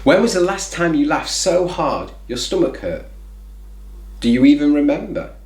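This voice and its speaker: A man's voice: a little high, sing-song, moderate pace, darkish tone, reverberant. A man hosting a reflective faith talk, speaking conversationally with lots of "you know" fillers. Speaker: faith video host.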